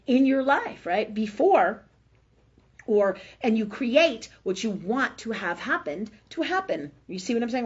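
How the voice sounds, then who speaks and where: A woman hosting a casual spiritual talk show, animated and profane, who keeps asking "right?" as she talks. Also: mid-range voice, breathy edge, highs cut off. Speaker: host.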